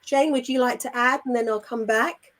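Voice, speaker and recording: A woman's voice: a little high, steady tone, a bit bright. A middle-aged woman co-hosting a Christian show, speaking earnestly and with indignant emphasis. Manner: emphatic and indignant, with measured phrasing. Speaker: co-host of a Christian online show. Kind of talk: earnest spiritual talk.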